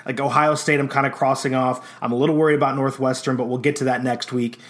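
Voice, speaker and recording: A man co-hosting a sports podcast, talking in an animated, jokey way. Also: medium pitch, fast. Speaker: podcast co-host. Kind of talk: casual sports chat.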